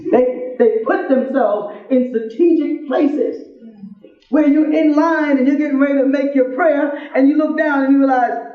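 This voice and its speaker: High-voiced preacher on tinny echoey tape. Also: male voice, fairly even intonation, moderate pace. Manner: jokey, acts out scenes, laughs often. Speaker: religious lecturer. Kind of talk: sermon-style lecture. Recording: tinny, very echoey archive recording.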